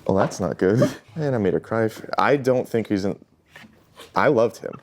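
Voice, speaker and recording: A man in casual chat on a dating show, cracking deadpan one-liners. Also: fairly low pitch, moderate pace, a little hiss or hum.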